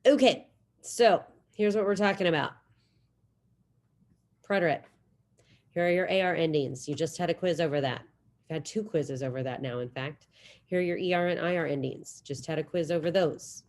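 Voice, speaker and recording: Woman, teacher, lowish voice, online class, computer mic, drills slowly then speeds up. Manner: drills conjugations slowly, then talks quickly. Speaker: Spanish teacher. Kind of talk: online class lecture with screen share. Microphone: computer mic on video call.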